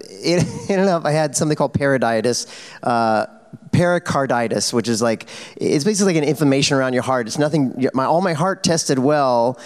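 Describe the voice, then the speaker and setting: A man on a fan convention panel, telling a casual story with lots of fillers, self-corrections and laughs. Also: medium pitch. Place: convention panel hall, on stage.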